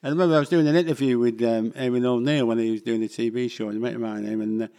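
A man's voice: mid-range voice, fairly even intonation, rapid-fire, warm tone. An older man with a Mancunian accent, a guest actor chatting in a casual interview in a rambling, self-deprecating way. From England.

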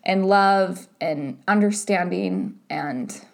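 A woman co-hosts a casual couples podcast, speaking animatedly and sprinkling her sentences with "like" and "right?". Her voice is on the low side and her pace is slow.

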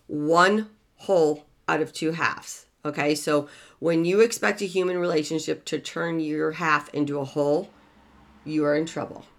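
A woman relationship coach giving an unscripted advice monologue, emphatic, repeating key words and swinging from soft to loud. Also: lowish voice.

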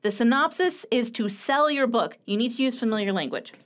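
A woman in her thirties hosting a casual writing show, chatty and playful, with quick asides, recorded at home. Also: a little high, expressive. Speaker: writing coach and podcast host. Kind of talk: casual chat with book critique. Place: home room with a clicking heater.

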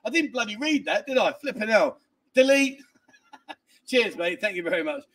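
A middle-aged man hosts a casual livestream, tired from lack of sleep, cheekily bantering and laughing as he reads viewer comments. His voice is high-pitched, very animated, brisk and a bit bright.

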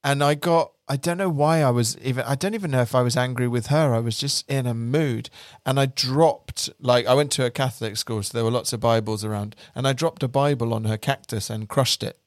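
A man's voice: medium pitch, a little fast, no room sound. Chatty British man, dry close sound. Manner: self-deprecating, chatty storytelling. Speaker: podcast host. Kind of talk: casual chat.

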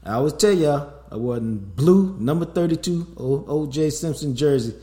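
A man's voice: a little high, expressive, normal speed, mellow. A middle-aged man hosting a sports podcast, talking in a loose, streetwise way and slipping in promo plugs. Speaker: podcast host. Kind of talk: casual sports podcast chat. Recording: roomy echo.

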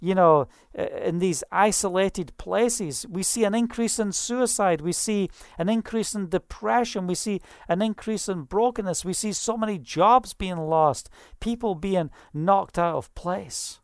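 A preacher, delivering a sermon in a fast, fervent style with frequent hallelujahs. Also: mid-range voice, no room sound, studio quality.

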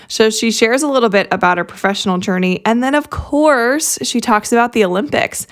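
A woman's voice: mid-range voice, clean tone. A young woman hosting a sports podcast, talking in an upbeat, enthusiastic way. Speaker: podcast host. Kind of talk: casual podcast chat.

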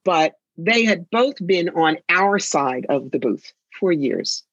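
Sassy, husky-voiced woman psychic. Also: lowish voice, animated, slow, dry recording, lo-fi sound. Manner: sassy, theatrical storyteller. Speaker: psychic and author. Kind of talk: interview conversation.

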